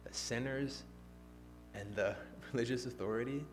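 Man preaching, dropping to hushed tones. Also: on the low side, steady tone, a little slow, over music. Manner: swings from emphatic to hushed, near-whispered. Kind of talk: sermon.

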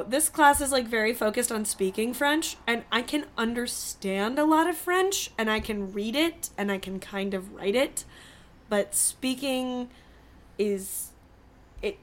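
A young woman, a podcast producer, telling a story in casual chat, hesitant and self-deprecating. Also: fairly high pitch.

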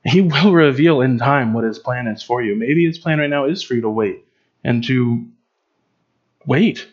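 With dull audio, a man at medium pitch and moderate pace preaches informally and conversationally in a Bible teaching, often restarting and using fillers.

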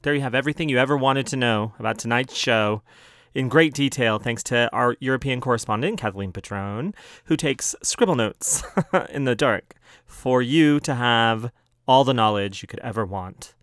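A man's voice: mid-range voice, moderate pace, fairly bright tone, no echo, studio quality. A young man hosting a fan podcast, talking in a chatty, playful way with little laughs. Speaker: podcast host. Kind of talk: casual podcast monologue.

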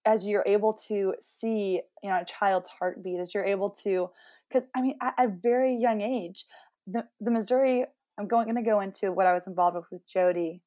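A woman's voice: mid-range voice, normal speed, dark tone. A young woman, a podcast guest, talking earnestly and with passion in a rambling, casual interview.

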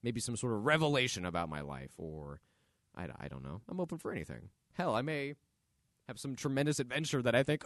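A man's voice: mid-range voice, very animated, a little fast, no echo, studio quality. A man hosting his own podcast, talking casually and thinking aloud with fillers. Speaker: podcast host. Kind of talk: casual solo podcast monologue.

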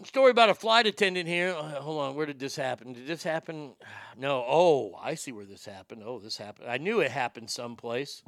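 A man hosting a talk show, telling a childhood story in a casual, wry and animated way, with some swearing. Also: mid-range voice, a little fast, dry recording, studio quality.

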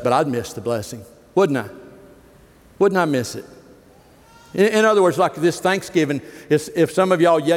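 A middle-aged man preaching a sermon, folksy and joking, rising into emphatic preaching. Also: a little high. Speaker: pastor. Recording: long hall reverb.

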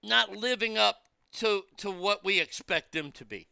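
A man's voice: high-pitched, a little slow, gravelly, pushed and bright, clear, resonant tone, no room sound, studio quality. A man hosting a podcast, delivering a blunt, profane, exasperated opinion rant. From United States.

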